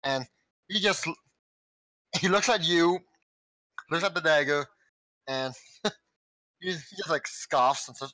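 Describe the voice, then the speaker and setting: Man, game master, slow halting narration, chuckles, dry close mic. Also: a little high, sharp tone, no echo, low-quality recording. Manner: halting, many restarts, chuckling between lines.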